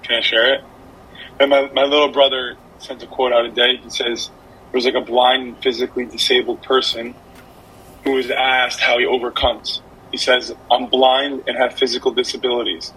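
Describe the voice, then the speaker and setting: Bright-voiced man, hesitant student. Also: medium pitch, flat delivery, moderate pace, slight background noise, rough recording. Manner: hesitant, repeats words. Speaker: student in a class. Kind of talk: class discussion.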